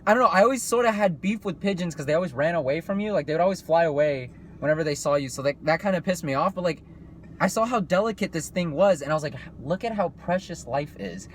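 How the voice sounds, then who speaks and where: A man's voice: a little high, lively intonation, quick pace, a little hiss or hum. A man co-hosting a casual chat, joking crudely, laughing often and acting out quoted voices. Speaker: co-host.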